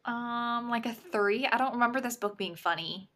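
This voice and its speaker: A woman's voice: on the high side, moderate pace, pushed and bright. A woman co-hosting a podcast, chatting casually and hedging with lots of "like" and "um.". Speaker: podcast co-host. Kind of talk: casual book chat.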